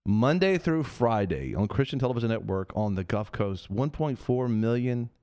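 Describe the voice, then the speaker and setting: A man's voice: medium pitch, sing-song, normal speed, warm tone, no echo. A man hosting a Christian talk show, preaching earnestly and repeating phrases for emphasis. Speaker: host of a Christian TV and radio show.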